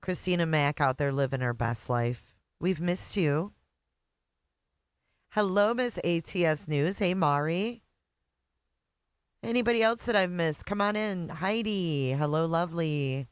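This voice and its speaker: A streamer reacts live to a clip with sarcastic, disbelieving asides and breaks off to greet chat by name. The voice sits at a middle pitch and sounds dry and close to the mic. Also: expressive, unhurried, long pauses, clean tone, no room sound.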